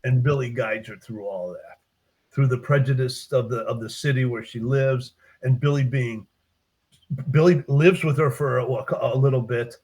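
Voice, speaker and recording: A man, a book author in a casual interview, retelling his short stories with lively acted-out character lines. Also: medium pitch, moderate pace, breathy edge. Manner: animated storyteller, acts out characters' lines.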